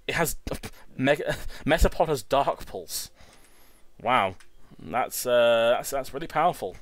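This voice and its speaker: A man's voice: mid-range voice, expressive, unhurried, dry recording. A young man in his twenties hosting a let's-play, rambling casually and tripping over his words. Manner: chatty, rambling, stumbles and repeats words. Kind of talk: casual gameplay commentary. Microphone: home recording setup.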